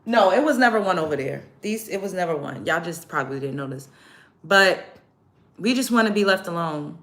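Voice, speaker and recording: A woman's voice: on the low side, lively intonation, fairly quick, a bit bright. A woman hosting a livestream, retelling events to her chat in a heated, profane, emphatic rant. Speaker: livestream host.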